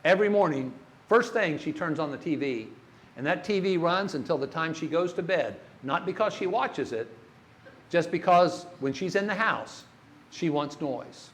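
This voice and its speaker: An older man preaches a sermon in a church, with a voice a bit higher than most men's. He tells stories in turn and puts questions to the congregation. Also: lively intonation, moderate pace. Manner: storytelling, asks the congregation questions.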